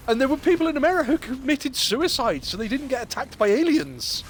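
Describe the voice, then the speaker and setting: A man's voice: high voice, fairly quick, hardly any pauses, slight background noise. A man with an English accent, a streamer chatting casually and swearing as he talks. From England. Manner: animated, swearing, banter-heavy storytelling. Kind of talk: casual chat while gaming.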